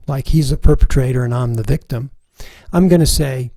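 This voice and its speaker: Calm, gravelly-voiced man teaching a course. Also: a little high, normal speed, no echo, rough recording. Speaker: relationship workshop teacher. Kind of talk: recorded course lesson.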